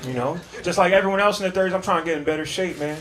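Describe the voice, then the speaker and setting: A man in his thirties doing a brash, profane stand-up set on a comedy club stage, slipping into quick character voices. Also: high-pitched, a bit bright. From Maryland, US. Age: 30s. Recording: live club recording with audience noise. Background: audience laughter.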